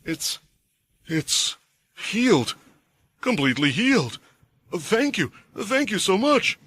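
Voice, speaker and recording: A cocky young archer with a shrill, high voice that leaps around wildly, as a male narrator puts him on. He brags and then turns whiny and defensive, in a fantasy story retelling. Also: big pitch swings, slow, fairly bright tone, husky, no echo, studio quality, heavily acted. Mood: relieved.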